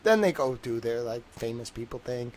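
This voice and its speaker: A man's voice: medium pitch, lively intonation, normal speed, darkish tone. A young man hosting a livestream, rambling in casual chat with lots of fillers and wry laughs. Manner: meandering, lots of "like" and "I don't know"; wry, laughs between stories. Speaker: livestream host.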